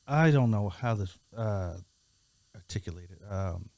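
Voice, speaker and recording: A man co-hosting a casual music review podcast, talking in a laid-back, halting way and laughing often. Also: on the low side, lively intonation, darkish tone, dry recording. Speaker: podcast co-host.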